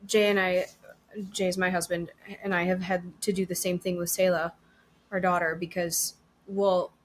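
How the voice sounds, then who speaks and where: A woman's voice: fairly low pitch, little pitch movement, normal speed, slight background noise. A woman co-hosting a casual talk who listens closely and affirms often before sharing her own stories. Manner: attentive listener, frequent short affirmations. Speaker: podcast co-host. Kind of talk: casual conversational chat.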